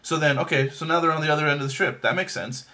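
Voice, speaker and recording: A man's voice: on the high side, quick pace, pushed and bright. A man casually reviewing a movie, rambling with lots of fillers and restarts and making self-deprecating jokes. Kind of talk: casual chat.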